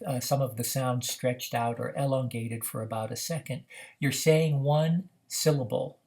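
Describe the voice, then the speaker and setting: A man teaching how to run a reading activity, explaining in a measured way with frequent "uh" fillers. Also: mid-range voice, darkish tone. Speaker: reading program instructor. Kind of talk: instructional demonstration.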